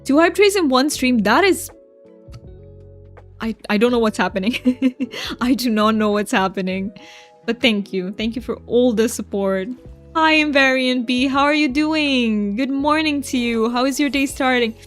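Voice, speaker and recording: Soft-spoken, emotional woman streamer, slightly high. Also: normal speed, faint music behind. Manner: soft-spoken, emotional, laughs often, stammers and restarts. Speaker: game streamer. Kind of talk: casual live-stream chat, reading viewer messages.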